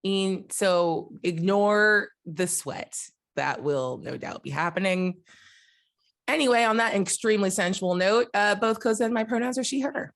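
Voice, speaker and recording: Gravelly-voiced woman joking casually. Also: mid-range voice, unhurried. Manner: chatty, joking. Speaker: player. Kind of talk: livestream chat.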